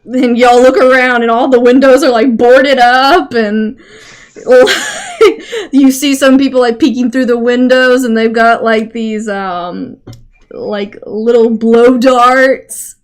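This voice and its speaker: A woman narrating a tabletop game as its game master, chatty and giggly, often rambling and filling gaps. Her voice sits a little high for a woman. She takes her time and never rushes. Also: fairly even intonation. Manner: casual, giggly, rambling with fillers.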